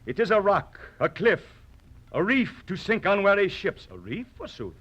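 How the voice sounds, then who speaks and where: A man's voice: high voice, sing-song, moderate pace, fairly bright tone, highs cut off, full character voice. An actor playing a proud, mocking poet swordsman with a huge nose, declaiming in theatrical old radio-drama style. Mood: witty. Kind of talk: vintage radio drama acting.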